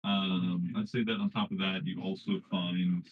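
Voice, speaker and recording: Low-voiced rambling game master. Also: male voice, level tone, moderate pace. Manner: rambling, hesitant, many fillers. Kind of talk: narrating a tabletop game. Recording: dull lo-fi audio.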